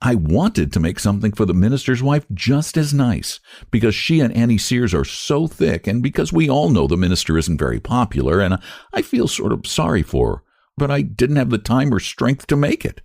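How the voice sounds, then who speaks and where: A soft-hearted, careful older woman, as a male narrator puts her on, talking in a gentle, coaxing way that stiffens into defiance when challenged. Her voice sits a little higher than his own deep tone and swings a lot. It sounds close and dry, like a storybook reading. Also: very animated, normal speed, gravelly, dry recording. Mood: earnest.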